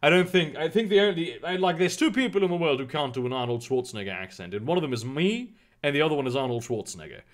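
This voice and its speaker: Male streamer, fairly high, lively pitch, rambling casual commentary with plenty of swearing. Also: fast, hardly any pauses. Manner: rambling, profane, exasperated, with frequent restarts. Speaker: streamer reading chat and news.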